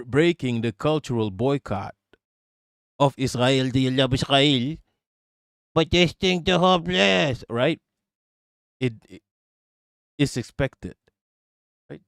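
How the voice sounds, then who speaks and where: Young guy ranting on his live stream, swears a lot, keeps restarting, kinda high voice, dry sound. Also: no room sound. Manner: heated, profane, many restarts. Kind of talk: live political commentary stream.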